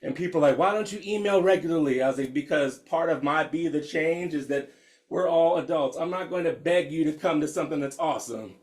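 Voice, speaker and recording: A man in his fifties teaches meditation in a loose, candid way and laughs freely between points. His voice sits a little high for a man. He reads out comments from the people on the call as he goes. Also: a little fast. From United States. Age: 50s. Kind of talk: casual teaching talk.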